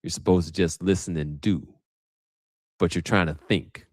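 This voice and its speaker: A man's voice: low voice, steady tone, normal speed, a little mellow, dry recording, studio quality. A man hosting a livestream, talking casually and thinking aloud with many restarts. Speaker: host. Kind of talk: livestream commentary.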